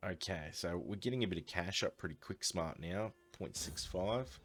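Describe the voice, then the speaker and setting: Low-voiced man playing a strategy game. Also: moderate pace, hardly any pauses, fairly bright tone. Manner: thinks aloud, upbeat, with frequent fillers. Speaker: let's play host. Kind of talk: casual gameplay commentary.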